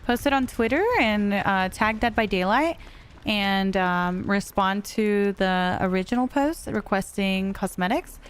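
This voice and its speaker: A woman's voice: medium pitch, a little slow, slight background noise. A woman streaming a game live, chatting casually and answering her viewers between plays. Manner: chatty, reads chat aloud and answers viewers. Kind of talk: live gameplay commentary.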